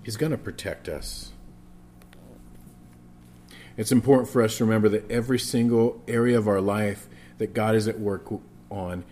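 A man's voice: fairly low pitch, a little mellow, a little hiss or hum. A man preaching a sermon as a pastor, emphatic, repeating phrases for stress and often restarting his words.

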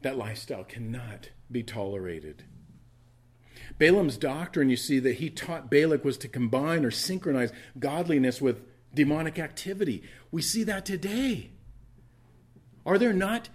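This male pastor's voice leans high as he delivers a church sermon. He brings a Bible story to life with animated asides and rapid character voices.

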